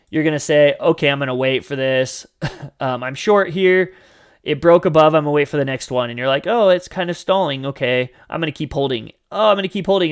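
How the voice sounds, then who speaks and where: A man's voice: on the high side, clean tone. A man hosting a live question-and-answer stream, explaining trading in a chatty way with many fillers, sometimes acting out a panicking trader. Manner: chatty, frequent fillers and "you guys", acts out panicked traders. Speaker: livestream host teaching trading. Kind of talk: casual live Q&A teaching.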